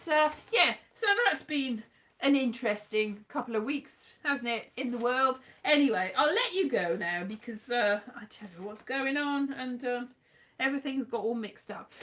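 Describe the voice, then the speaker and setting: A woman's voice: high voice, a bit bright. A woman chatting casually in a rambling, giggly vlog. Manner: rambling, chatty, laughs often. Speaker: vlogger. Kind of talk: casual chat.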